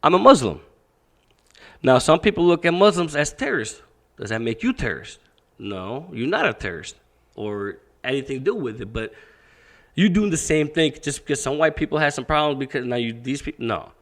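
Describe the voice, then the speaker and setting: Young male fight coach, candid and foul-mouthed, animated storyteller who acts out every exchange, medium pitch. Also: a little fast. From Pakistan. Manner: profane, animated, acts out quoted dialogue. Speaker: boxing coach, podcast guest.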